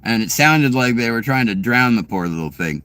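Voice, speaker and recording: A man's voice: mid-range voice, expressive, moderate pace, pushed and bright. A man vlogging from his car, telling a casual story in a rambling, profane way full of fillers and restarts.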